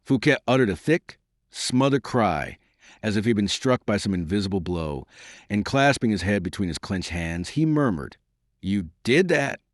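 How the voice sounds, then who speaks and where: A man giving scripted audiobook narration in a measured, expressive storytelling manner. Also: fairly low pitch, no echo, studio quality.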